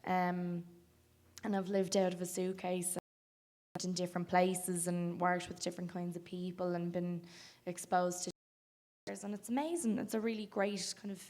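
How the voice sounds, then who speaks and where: A young woman with an Irish accent, an actress chatting thoughtfully in an interview, with frequent pauses and ums. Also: fairly low pitch, little pitch movement, darkish tone. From Ireland. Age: young adult. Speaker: film actress guest. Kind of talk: casual interview chat.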